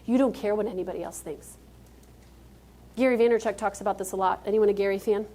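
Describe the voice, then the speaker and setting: A woman's voice: mid-range voice, fairly even intonation, fast talker, warm tone. A woman giving a motivational keynote speech on stage, talking emphatically and directly to a live audience. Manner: emphatic, direct, calls out to the crowd.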